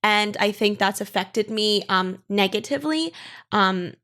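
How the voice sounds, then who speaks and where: A woman's voice: mid-range voice, unhurried, pushed and bright. A young woman co-hosting a podcast with her mother, speaking earnestly and a little hesitantly in casual chat. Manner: earnest, hesitant, lots of fillers and restarts. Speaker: podcast co-host, daughter.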